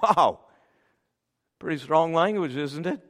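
Male pastor, sermon delivery, loud-to-soft dynamics, slightly high pitch, long hall reverb. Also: expressive, takes it slowly. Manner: swings from loud forceful scripture reading to soft tender near-whisper. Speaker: preacher.

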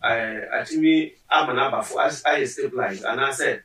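A man's voice: medium pitch, moderate pace, sharp tone, reverberant. Man explaining from a distant mic. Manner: patient, step-by-step explaining. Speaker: health expert guest. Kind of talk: explanatory talk-show discussion.

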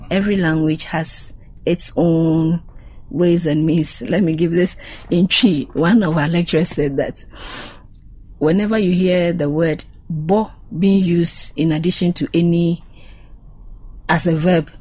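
A Ghanaian woman on a faith panel, explaining points patiently with examples. Her voice sits a little low and has a husky edge. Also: fairly even intonation, unhurried, warm tone, poor audio. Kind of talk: panel discussion on Bible study.

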